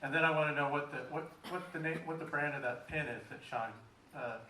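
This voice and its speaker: Hesitant man asking a question, bright voice. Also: fairly high pitch, fairly quick. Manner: hesitant, stumbling, many fillers. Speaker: audience member asking a question. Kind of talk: audience question at a panel. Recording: echoey hall from far off with faint noise.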